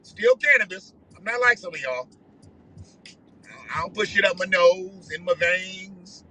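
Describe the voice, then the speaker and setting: A man's voice: high voice, expressive, measured pace, sharp tone, slight background noise, poor audio. A man ranting profanely on a livestream while driving his car. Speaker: livestream host. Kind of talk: casual ranting monologue.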